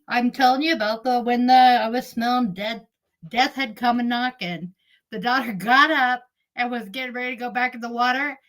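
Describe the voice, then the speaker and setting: A middle-aged woman talks on a casual live stream, her voice sitting a little high. She rambles through family anecdotes, laughing often and breaking off to greet viewers by name. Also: fairly bright tone, rough recording.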